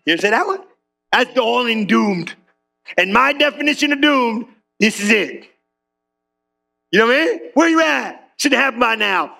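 A man preaching an animated sermon in a casual, joking way, acting out prayers and swinging between high excited lines and low soft ones. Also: a little fast, vocal fry, long pauses. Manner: conversational preaching with acted-out prayers and humor. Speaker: pastor.

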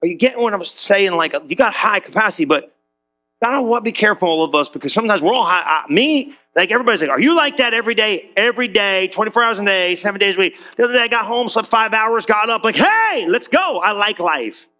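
A man's voice: high voice, quick pace, sharp tone. A man preaching a sermon as pastor, talking casually to his congregation and acting out quotes in different voices.

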